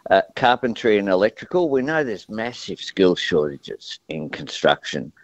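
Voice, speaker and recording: An Australian man giving a radio interview in a measured way, with many pauses and fillers. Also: fairly low pitch, big pitch swings, no echo, highs cut off. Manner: measured, frequent uh fillers and restarts. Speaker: political guest.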